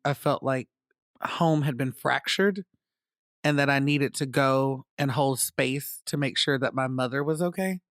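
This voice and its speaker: A man from North Carolina tells his story in a reflective, measured way for a documentary interview. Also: mid-range voice, dry recording, studio quality. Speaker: dance company founder. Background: soft guitar music.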